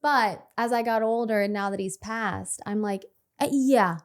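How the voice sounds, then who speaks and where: A woman's voice: medium pitch, steady tone, normal speed, clear, resonant tone. Earnest woman telling a personal story. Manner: earnest storyteller who acts out quoted dialogue. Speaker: podcast guest. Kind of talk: casual conversation, personal storytelling.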